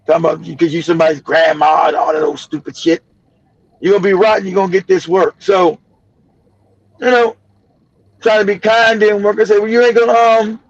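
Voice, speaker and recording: High, gravelly man ranting profanely. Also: highs cut off. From Los Angeles. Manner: loud, profane, laughing often. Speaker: livestream host. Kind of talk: profane storytelling rant.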